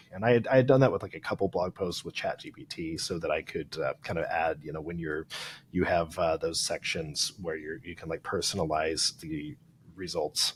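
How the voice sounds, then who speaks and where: A man with a very low voice hosts a podcast interview, reacting to his guest and thinking aloud. His speech halts and restarts, full of "you know" and "um," over a faint hiss of noise. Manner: halting, filler-heavy reactions. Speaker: podcast host. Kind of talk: conversational interview.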